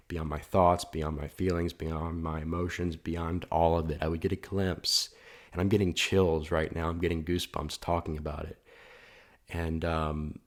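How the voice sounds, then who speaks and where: A man with a very low, deep voice talks about inner experience in a reflective, heartfelt way. He speaks like a coach sharing his journey and often circles back on his own words. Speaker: spiritual coach. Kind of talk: reflective spiritual talk.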